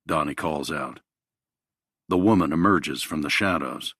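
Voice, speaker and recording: A man narrating a thriller audiobook in a measured, even storytelling manner. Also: extremely low pitch, husky, dry recording, studio quality.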